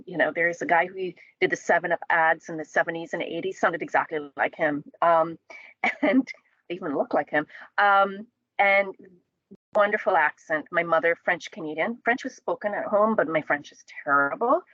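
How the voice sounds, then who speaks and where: A woman from the Caribbean speaks thoughtfully in a casual panel discussion, pausing on fillers and restarting her sentences. Her voice sits fairly low and sounds very dry and close. The audio is a bit dull and lo-fi. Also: fairly bright tone, no echo.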